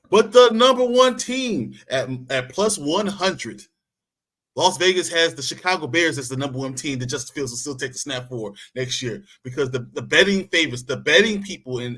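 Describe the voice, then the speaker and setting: A man's voice: mid-range voice, fairly bright tone. A man hosting a casual sports podcast, relaying betting odds and news reports to his co-hosts. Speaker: podcast host.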